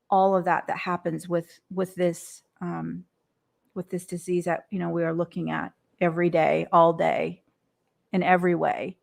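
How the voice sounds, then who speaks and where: A woman's voice: fairly low pitch, vocal fry. A woman hosting a motivational podcast, talking earnestly in an unscripted monologue, often repeating words and restarting. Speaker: podcast host and coach.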